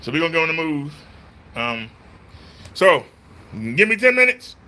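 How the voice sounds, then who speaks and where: A man speaks in a bright, high voice, lecturing his live-stream viewers. His talk is preachy and repetitive. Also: big pitch swings, moderate pace. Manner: mimics voices in quotes. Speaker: vlogger.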